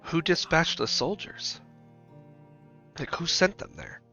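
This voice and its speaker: A man's voice: a little high, lively intonation, slow, vocal fry, sharp tone, voice pushed up, heavily acted. A curt, impatient general, as a man acts him, bored and annoyed with everyone. His voice comes through a dull, lo-fi recording with faint music behind.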